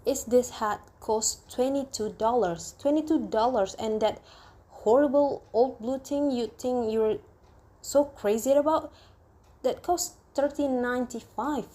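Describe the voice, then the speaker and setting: A woman's voice: on the high side, measured pace, dark tone. A woman voicing a touchy young newlywed bride who keeps picking a quarrel, in an insistent, reproachful way. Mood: sarcastic.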